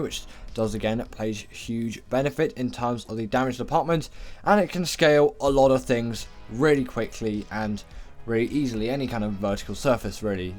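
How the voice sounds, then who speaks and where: A man's voice: mid-range voice, darkish tone. Casual male gaming creator, rambling commentary, self-correcting, faint music bed. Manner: chatty, rambling, corrects himself often.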